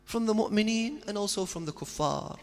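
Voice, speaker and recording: A man's voice: sits high, lively intonation, fairly quick. A man giving a religious sermon, telling stories with earnest, rising emphasis. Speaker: preacher. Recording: long hall reverb.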